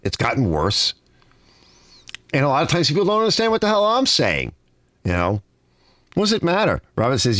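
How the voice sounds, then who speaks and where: Middle-aged New York guy, heavy accent, animated storyteller, dry close sound. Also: lowish voice, no room sound. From Long Island, New York. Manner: storytelling, animated, fillers like "right?" and "you know?". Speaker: livestream host. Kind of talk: casual livestream chat reading comments. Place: home garage.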